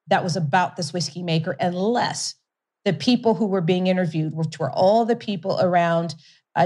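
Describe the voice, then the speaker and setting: A woman's voice: mid-range voice, a little mellow. A middle-aged woman, a company founder in an interview, telling her story with energy, laughing often and restarting sentences. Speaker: whiskey company founder and investor being interviewed.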